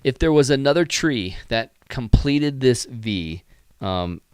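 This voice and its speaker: Male stream host, smooth clear voice, dry close sound, tired and rambling, enthusiastic. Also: medium pitch, expressive, slow pace, no room sound. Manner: enthusiastic, rambling, with many fillers and sighs. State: tired, yawning. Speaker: photography live stream host. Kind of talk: casual live stream critique.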